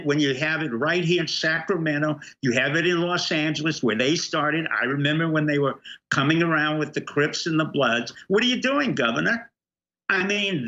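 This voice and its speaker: A man's voice: on the high side, bright, forceful tone, dull audio. A middle-aged man, a guest on a political talk show, speaking emphatically and firing off rhetorical questions. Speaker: guest commentator.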